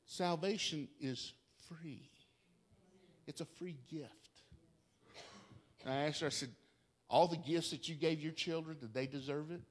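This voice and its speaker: Male preacher, slightly higher voice, slow deliberate storytelling sermon. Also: vocal fry, slightly rough. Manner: tells a story, quoting both sides of a talk; swings from quiet and soft to loud and urgent.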